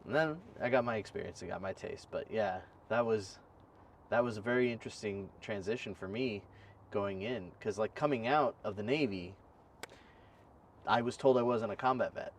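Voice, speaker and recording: Man, thirties, low voice, podcast host, chatty, animated, a bit far from the mic. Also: normal speed, a little hiss or hum. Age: 30s. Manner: animated, chatty, laughs easily. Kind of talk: casual conversational interview.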